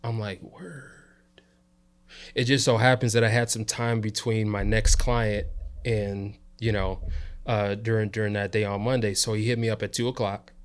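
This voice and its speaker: A man from the South Side of Chicago, a guest on an interview show, telling a work story in a relaxed way and checking in with "you know" and "right?". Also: lowish voice, moderate pace, clean tone. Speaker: interview guest, videographer and coach. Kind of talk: casual storytelling chat.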